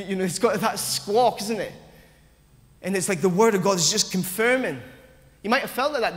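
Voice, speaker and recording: Man, preacher, sermon, high voice, earnest, restarts sentences, long church reverb. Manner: earnest, acts out voices of the doubting, stumbles and restarts.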